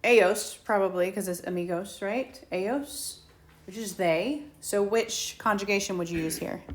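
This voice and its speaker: A woman teacher, slowly and patiently walking students through a Spanish lesson and asking them questions. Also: medium pitch. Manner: slow patient explaining, asks students questions. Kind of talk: recorded whiteboard lesson. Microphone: tablet mic.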